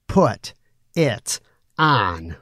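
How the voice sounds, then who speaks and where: A man's voice: medium pitch, very animated, extremely slow, a bit bright, no echo, clean studio sound, exaggerated voice. A man voicing a cruel, mocking male bully who sneers and taunts. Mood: sneering.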